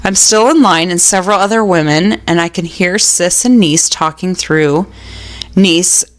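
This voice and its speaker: A woman's voice: on the low side, a little slow. A young adult woman co-hosting a podcast, reading listener stories aloud in a casual, amused way and laughing often. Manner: laughs often, animated, acts out children's voices. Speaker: podcast co-host.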